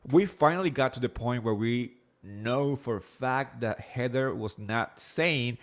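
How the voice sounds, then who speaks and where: A man with an accent hosting a casual live recap chat, rambling quickly with lots of fillers and swearing freely. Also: medium pitch. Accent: non-native English accent. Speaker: host of a reality TV recap show.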